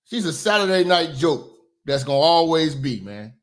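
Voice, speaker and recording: A man hosting reaction commentary, ranting loudly and profanely, then dropping to a mutter. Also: a little high, sing-song, normal speed. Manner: loud ranting, swings to muttering. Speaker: commentary host.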